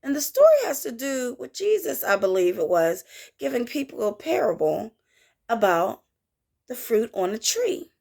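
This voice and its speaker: Lively, gravelly-voiced woman tarot reader. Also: fairly high pitch, moderate pace. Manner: animated, playful, with sung sound effects; folksy asides to the viewer. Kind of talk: casual tarot reading monologue.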